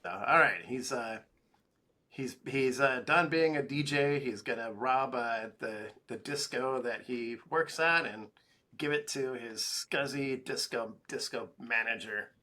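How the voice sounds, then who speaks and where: A man hosting a relaxed comic-book podcast who reads out page numbers and riffs on the ads. His voice is bright and clear at a middle pitch. He jokes along with his co-host and uses plenty of fillers. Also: unhurried. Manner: walks through pages, joking, with fillers. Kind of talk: casual comic-book chat.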